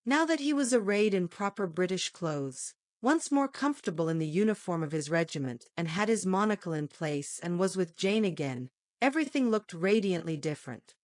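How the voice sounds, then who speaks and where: Lively woman narrating an audiobook. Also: lowish voice, dry recording, studio quality. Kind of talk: scripted narration.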